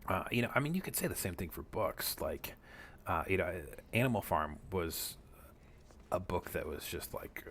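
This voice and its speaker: A man's voice: deep voice, lively intonation, normal speed, fairly bright tone, slight background noise. A man streaming a video game, chatting casually and rambling with many fillers and asides. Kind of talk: casual gameplay commentary.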